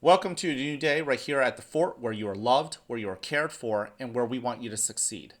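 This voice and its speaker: A man's voice: medium pitch, lively intonation, a little fast. A man who is a school principal, giving morning announcements and speaking encouragingly to students.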